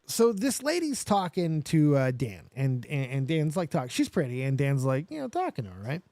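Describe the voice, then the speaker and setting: A man's voice: a little high, moderate pace, no echo. A man in his forties from Las Vegas, hosting a livestream and telling a story casually, swearing often and acting out every side of the conversation. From Las Vegas, USA. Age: 40s. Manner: animated, swears often, acts out both sides of dialogue. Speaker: livestream host.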